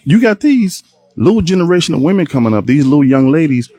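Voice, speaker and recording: A man hosting a solo podcast, talking to his viewers in an animated, rambling way and acting out the people he quotes. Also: fairly high pitch, fast. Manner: animated, plays out quoted voices, rambling restarts. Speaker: podcast host. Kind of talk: solo opinion talk to viewers.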